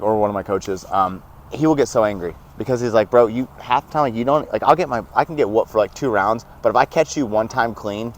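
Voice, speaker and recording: A young man telling stories as a podcast guest, animated and laughing often, acting out what others said. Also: on the low side. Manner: animated, laughs often, acts out quoted dialogue. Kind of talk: casual storytelling.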